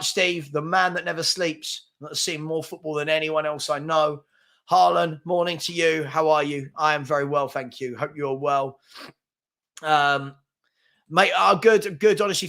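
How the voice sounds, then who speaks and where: Hosting a laid-back live football chat stream, a man in his 40s reads out viewer comments, tired after an early start. His voice is on the high side and fairly bright, and his delivery rambles along, chatty and self-deprecating.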